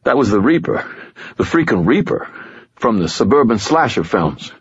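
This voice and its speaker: A man's voice: lowish voice, sing-song, normal speed, breathy edge, no room sound, pitched above the performer's own voice, exaggerated voice. A man doing a rattled young cop. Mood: frightened. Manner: stunned, tense, rattled. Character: frightened young male police officer, shaken. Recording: dull lo-fi dry recording.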